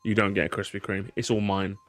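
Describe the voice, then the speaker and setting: A man's voice: fairly low pitch, flat delivery, fast talker, fairly bright tone, dry recording, soft background music. A man giving casual, jokey gameplay commentary, swearing and pleading with the game as he races. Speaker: gaming YouTuber.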